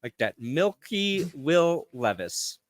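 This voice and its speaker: A man's voice: on the high side, sing-song, takes it slowly. A playful man co-hosting a casual sports podcast, tossing out quips. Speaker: podcast co-host.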